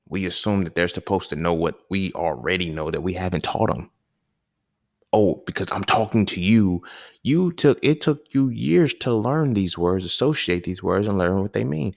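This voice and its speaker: A man with a low, creaky voice hosts a podcast in clean studio sound with no room sound. His casual monologue is loose, slangy and conversational, often checking in with "you feel me," with sudden animated bursts and chuckles.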